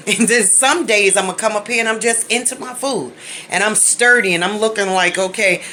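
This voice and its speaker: A woman's voice: medium pitch, bright, forceful tone, slight background noise. A woman hosting her own cooking channel, chatting casually as she walks through a recipe in her home kitchen, often checking in with "right?" and "okay?" and laughing easily. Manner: talks fast at times, laughs easily.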